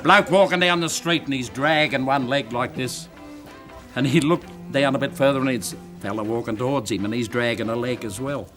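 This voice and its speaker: A man's voice: mid-range voice, a little fast, music in the background. An older man telling folksy jokes and chuckling on a live TV show. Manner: chuckling, folksy yarn-spinning. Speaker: comedian.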